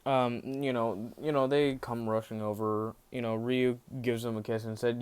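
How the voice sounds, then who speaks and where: A man's voice: medium pitch, level tone, normal speed, few pauses, a little mellow, smooth. A man casually narrating a fan-made story, rambling, with many fillers and restarts.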